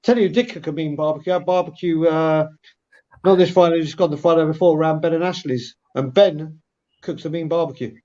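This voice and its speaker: A man on a casual podcast, easygoing and enthusiastic. His voice sits a little high for a man. The recording sounds slightly dull and muffled. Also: steady tone, brisk, dark tone. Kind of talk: casual chat.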